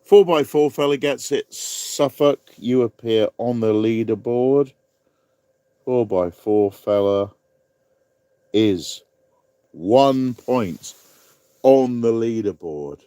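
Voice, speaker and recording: A man's voice: mid-range voice, takes it slowly, pauses often, warm tone, clear, resonant tone, no echo. Chatty man hosting a live quiz. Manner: chatty, rambling asides, laughs at own jokes. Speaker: livestream quiz host. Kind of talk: casual live-stream quiz.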